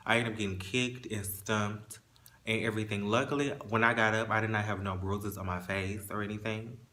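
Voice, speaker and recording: A man telling a painful personal story in a casual monologue, halting and restarting as he holds back tears. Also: on the low side, little pitch movement, background noise.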